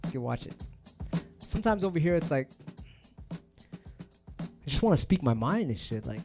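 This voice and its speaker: A man with a somewhat high-pitched voice rambles to his viewers in a loose, heated rant full of swearing and street slang. He talks like a host chatting off the cuff. Faint music plays behind him. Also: big pitch swings, moderate pace. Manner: emphatic, heated. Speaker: DJ and stream host.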